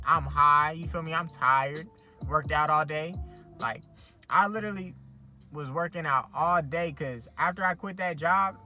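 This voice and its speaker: A young man tells a story in a fairly high, bright and forceful voice. He talks in an animated, expletive-heavy rush and acts out every quote. Faint music sits behind him. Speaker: vlogger. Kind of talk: profane storytelling rant.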